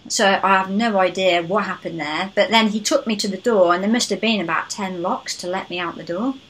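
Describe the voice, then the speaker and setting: A woman hosting a podcast, telling a story in a chatty, animated way. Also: mid-range voice, brisk, rough recording. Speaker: podcast host. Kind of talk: casual podcast interview.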